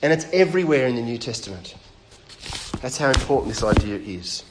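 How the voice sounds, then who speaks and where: A man's voice: medium pitch, expressive, brisk, noisy background. A man preaching a sermon in a church, conversational and chatting with the congregation, often restarting phrases.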